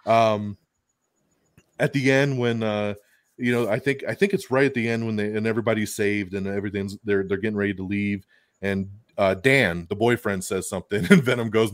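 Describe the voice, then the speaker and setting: A man hosting a podcast in a casual chat, animated and full of fillers, chuckling often. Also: on the low side, normal speed, dry recording. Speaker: podcast host reviewing a film.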